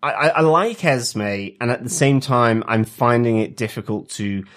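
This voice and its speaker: A man's voice: mid-range voice, unhurried, fairly bright tone. A man co-hosting a TV review podcast, talking casually and hesitantly, with many fillers and restarts. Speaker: podcast co-host.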